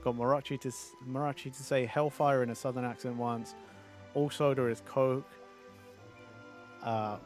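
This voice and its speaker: A man's voice: medium pitch, fairly even intonation, normal speed, long pauses, a little mellow, soft background music. A male streamer chatting casually on a livestream, reading viewer messages aloud and answering them.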